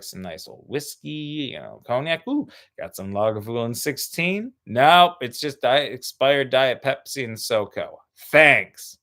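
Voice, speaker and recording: Rambling, profane Irish-born comic, lively pitch. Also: male voice. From Ireland. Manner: rambling, profane, jumps into shouted impressions. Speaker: stand-up comedian. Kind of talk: stand-up routine.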